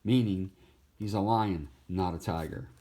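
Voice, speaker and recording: A man's voice: sits low, unhurried, warm tone. A man casually walking through his sketchbook, easygoing and laughing at his own jokes. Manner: easygoing, laughs, jumps into goofy voices. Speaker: artist showing his sketchbook.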